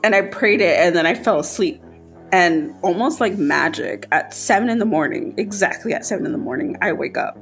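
A woman podcast host telling a personal spooky story in casual chat, her voice jumping high when she quotes herself. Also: animated, fairly quick, faint music behind.

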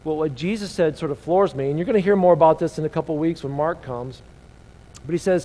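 Man, pastor, sermon, somewhat high voice, loud and soft by turns, long hall reverb. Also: a little fast. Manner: rises and drops in loudness, rhetorical questions. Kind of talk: sermon with scripture reading.

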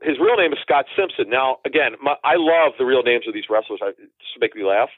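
A football insider in his forties joins a casual storytelling interview over the phone, meandering through tales with frequent restarts and side remarks. He speaks fairly quickly in a mid-range voice, and the tinny line carries no room sound.

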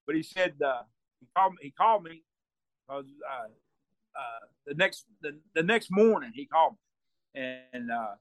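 A man's voice: on the high side, expressive, moderate pace, no room sound. A man telling a rambling story, repeating himself and laughing as he goes. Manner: acts out quoted voices loudly. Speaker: storyteller guest. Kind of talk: casual storytelling.

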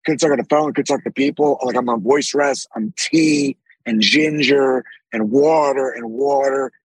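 A man with a deep, raspy voice, telling animated stories with frequent swearing as a podcast guest. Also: moderate pace, dry recording, low-quality recording. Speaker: actor guest. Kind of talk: casual podcast interview.

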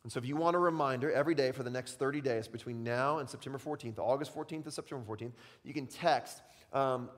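A man preaching in a church sanctuary with a mid-range voice, the words ringing out in a long hall reverb. He tells the story dramatically, swinging from quiet, intimate moments to loud, excited bursts. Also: medium pitch, fast, hardly any pauses. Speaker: pastor. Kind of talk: sermon.

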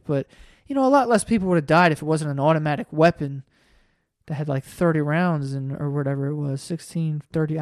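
A man's voice: a little high, dry recording, clean studio sound. Rambling, profane male podcast host. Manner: rambling, profane, gets worked up and loud. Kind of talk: casual solo podcast monologue.

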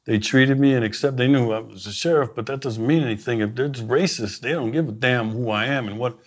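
A man's voice: mid-range voice, brisk. A man, a former sheriff, telling stories in a conversational interview and acting out what he and others said. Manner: animated anecdotes, quoting himself and others. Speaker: podcast guest, former sheriff.

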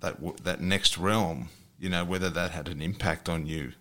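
A man hosting an interview, asking long, gently searching questions. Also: deep voice, fairly even intonation, moderate pace. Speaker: host. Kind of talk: interview conversation.

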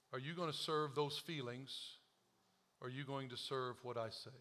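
A man preaching a sermon as pastor, joking at himself and moving from quiet confession to loud urging. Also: mid-range voice. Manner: animated, self-deprecating humor, swings from quiet confession to shouting; quotes scripture slowly.

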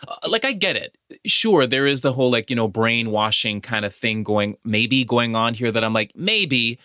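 A man co-hosting a casual podcast about films, talking in an excited way with exclamations and quick restarts. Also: lowish voice, clear, resonant tone, no room sound, studio quality. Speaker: podcast co-host. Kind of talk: casual movie chat.

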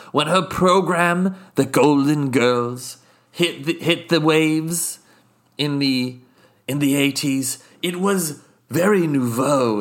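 Man doing a posh, condescending British guest, slow and meandering. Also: fairly high pitch, fairly bright tone. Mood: rambling. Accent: put-on British. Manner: haughty, rambling, condescending. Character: pompous wealthy British male podcast guest. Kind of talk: improvised comedy character.

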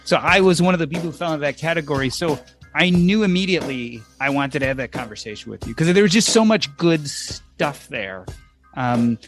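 Fairly high-voiced male podcast host. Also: animated, a little fast, faint music behind. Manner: warm, laughs easily, short agreeing replies. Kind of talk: casual interview chat.

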